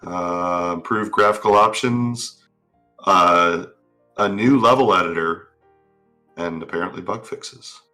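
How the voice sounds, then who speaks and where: A man's voice: deep voice, takes it slowly, soft background music. A man co-hosting a casual online talk show, rambling loosely with fillers. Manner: relaxed, rambling with filler words. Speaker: podcast co-host. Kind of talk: casual chat.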